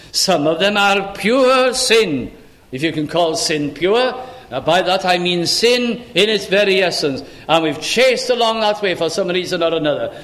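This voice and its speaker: An older male preacher delivers a sermon in a slightly high voice. He speaks earnestly in old-fashioned biblical phrasing. He lifts sharply into pleading calls, then sinks low and soft.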